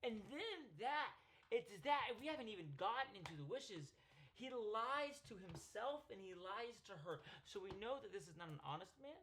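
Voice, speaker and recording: A man hosting a casual movie breakdown, excitable and rambling, with many fillers, restarts and bursts of swearing for emphasis. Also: high voice, moderate pace, slight background noise. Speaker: host.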